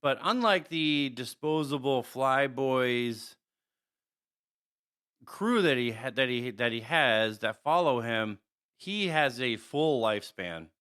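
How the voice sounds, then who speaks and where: Man, podcast co-host, bright tone, smooth clear voice, rambling casual chat. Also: mid-range voice, expressive, slow. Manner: rambling, chuckles often, restarts. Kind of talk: casual chat describing characters.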